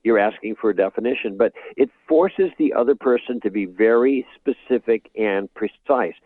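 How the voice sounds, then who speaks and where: A man with a low voice explains his points in a measured, teaching manner. His sound is dry and narrow, like a phone line. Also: expressive, husky, dry recording. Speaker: guest author and speaker. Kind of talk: conversational interview. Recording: tinny phone-like remote line.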